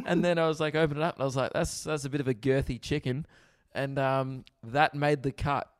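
A man's voice: fairly high pitch, fairly even intonation, moderate pace, no echo, clean studio sound. A young Australian man hosting a podcast over a video call, telling jokey stories and laughing often. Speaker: podcast host. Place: at home, remote.

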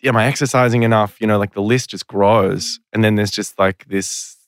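A man's voice: fairly low pitch, fairly even intonation, normal speed, clean tone, no echo, studio quality. A man talking as a podcast guest, telling long stories in a rambling, self-deprecating way. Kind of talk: casual podcast interview.

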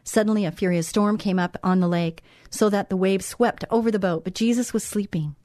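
Brisk and warm, this mid-range woman's voice comes through a dry, studio-quality recording. She hosts a Christian talk show, speaking a devotional monologue conversationally and encouragingly while repeating key phrases.

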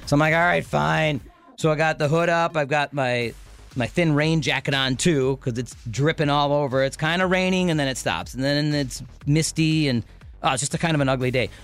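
A man's voice: fairly high pitch, brisk, a bit bright, smooth, faint music behind. A man co-hosting a morning radio show, telling a story in casual banter and often stopping to restart his sentences. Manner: rambling storyteller, self-interrupting.

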